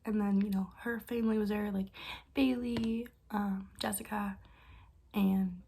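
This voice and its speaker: A young woman vlogger telling stories in a casual, excitable way, with quick bursts and frequent laughs. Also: mid-range voice, a little hiss or hum. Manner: excitable, fast bursts, lots of likes and laughs. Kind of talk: casual storytime chat.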